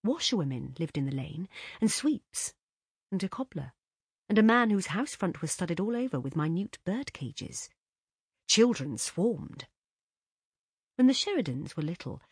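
A woman reading a literary story aloud as narrator in an expressive, measured way. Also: on the low side, slightly rough, dry recording, studio quality. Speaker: audiobook narrator.

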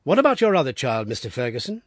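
A man voicing a composed, keen gentleman detective in an audiobook, measured and inquiring. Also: mid-range voice, sing-song, dry recording, clean studio sound. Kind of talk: audiobook character reading.

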